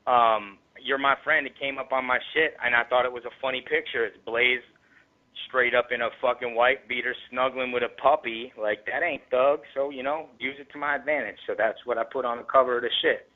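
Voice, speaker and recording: A man guesting on a radio show, telling a rambling story with lots of profanity in a casual, animated way. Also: mid-range voice, a little fast. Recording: tinny phone line.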